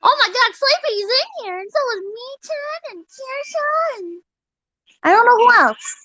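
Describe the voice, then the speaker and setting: A young woman live streamer chatting casually with her viewers, excitable and giggly, swearing freely. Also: very high voice, a little slow, dry recording, rough recording.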